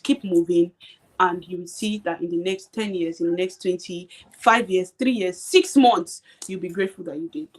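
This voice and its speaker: A woman's voice: on the low side, normal speed. Emphatic young woman giving career advice. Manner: emphatic, repeats points, asks "you understand?". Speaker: guest speaker. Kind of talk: motivational live-stream chat.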